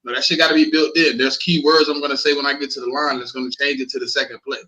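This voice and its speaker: A man in casual sports talk, animated and profane, repeating himself when heated. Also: mid-range voice, very fast, low-quality recording. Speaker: co-host.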